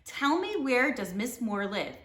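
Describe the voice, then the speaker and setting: A woman voicing a sly, hungry male wolf disguised as a bearded man, raspy and barky, coaxing in a smooth way, in a roomy storybook reading. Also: fairly high pitch, big pitch swings, a little slow, a bit bright. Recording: roomy echo.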